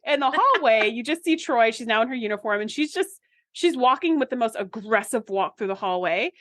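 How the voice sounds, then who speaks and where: A woman's voice: a little high, brisk, dry recording, clean studio sound. A woman co-hosting a podcast, recapping an episode in casual chat and acting out the characters' lines as she tells it. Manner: lively storyteller who acts out characters' lines. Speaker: podcast co-host.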